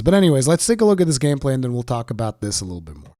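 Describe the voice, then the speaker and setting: A man's voice: medium pitch, big pitch swings, fast, dark tone, no room sound, clean studio sound. A man with a sick voice giving casual, opinionated gaming commentary with sarcastic asides.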